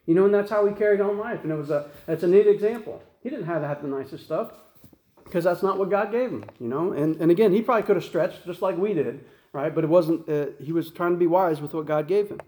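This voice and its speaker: Guy preaching fast, kinda high voice, folksy and rambly, echoey room. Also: mellow. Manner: folksy, rambling with frequent restarts and fillers. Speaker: pastor. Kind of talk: sermon.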